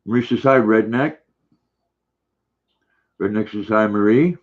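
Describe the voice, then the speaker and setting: An older man hosting a casual livestream, reading viewer comments aloud in a relaxed, friendly, chatty way. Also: lowish voice, measured pace. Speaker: livestream host. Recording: dull lo-fi stream audio.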